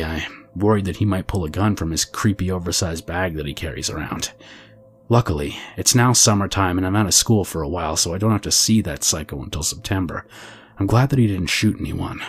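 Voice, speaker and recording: A man reading a viewer's true scary story aloud in a steady, measured storytelling delivery. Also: low voice, husky. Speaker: horror story narrator. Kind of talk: scripted narration of a reader's true story.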